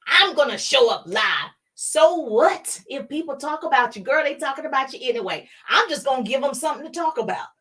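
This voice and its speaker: Brief: middle-aged woman, motivational live-stream coach, high voice, punchy and repetitive. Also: animated, brisk, few pauses, recorded from a distance. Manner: emphatic, repeats key lines, calls to the chat. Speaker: motivational speaker, home-business coach.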